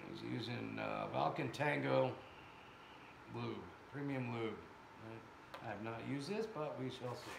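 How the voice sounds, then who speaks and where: In a casual workshop vlog, an American man with a gravelly, medium-pitched voice speaks a little slowly while testing air guns and cracking jokes for viewers. A camera set far away records him indoors. Echo and background noise fill the room.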